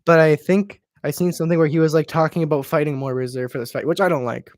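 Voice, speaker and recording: A man's voice: a little high, fairly even intonation, fast, dry recording, clean studio sound. A man hosting a live watch party, riffing with crude, profane, mocking banter as casual reaction commentary.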